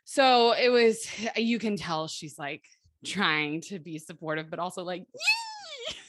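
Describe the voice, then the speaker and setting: A woman in her thirties, co-hosting a casual podcast chat and telling stories with lively, animated delivery. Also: lowish voice, measured pace, no echo, clean studio sound. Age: 30s. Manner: lively, animated storytelling with quoted voices and laughs. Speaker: podcast co-host and life coach.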